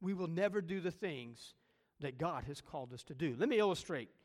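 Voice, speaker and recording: A pastor preaching a sermon, emphatic and full of rhetorical questions and repeated phrases. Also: male voice, fairly high pitch, animated, fairly quick, long reverb tail.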